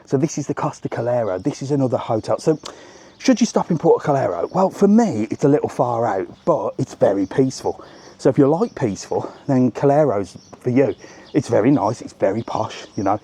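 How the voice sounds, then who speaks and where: A man's voice: mid-range voice, fairly quick, breathy edge. A middle-aged man giving a chatty live walking tour of a hotel resort, talking to his phone camera as he goes. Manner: chatty, animated, keeps saying "look". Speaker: travel vlogger. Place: outdoors around a hotel resort.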